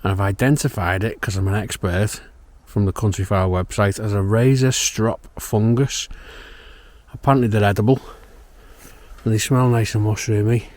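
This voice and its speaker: A man's voice: fairly low pitch, steady tone, normal speed, a little mellow. A man vlogging from a camper van, chatting casually and joking about himself in a dry way. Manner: dry, self-mocking jokes. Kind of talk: casual chat.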